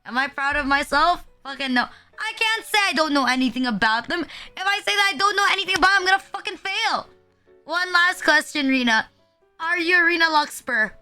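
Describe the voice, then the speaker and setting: Young woman streamer, high bright voice, nervous, profane rambling chat, faint music behind. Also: animated, brisk. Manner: rambling, profane and self-deprecating. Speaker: VTuber streamer. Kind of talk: casual live-stream chat.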